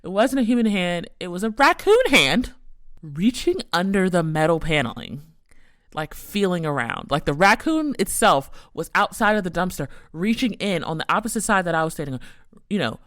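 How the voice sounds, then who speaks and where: A woman's voice: on the low side, animated, normal speed, a bit bright, dry recording, clean studio sound. A young woman hosting a podcast, telling a story in a casual, rambling way full of "like" fillers. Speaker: podcast host.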